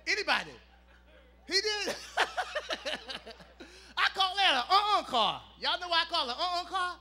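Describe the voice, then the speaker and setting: A man's voice: very high-pitched, big pitch swings, moderate pace, sharp tone. A man performing clean stand-up comedy, playful and teasing the crowd.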